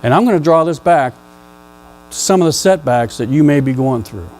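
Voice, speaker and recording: A male pastor preaching a sermon in a church, conversational and playful with the congregation, rising to loud emphatic questions. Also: a little high, lively intonation, normal speed, poor audio. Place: church sanctuary.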